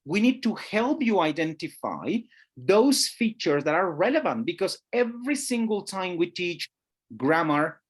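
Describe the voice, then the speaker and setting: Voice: medium pitch, slightly rough. A teacher trainer leading an online webinar, patiently checking that participants follow. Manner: patient, checks understanding, often says "guys". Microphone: video call.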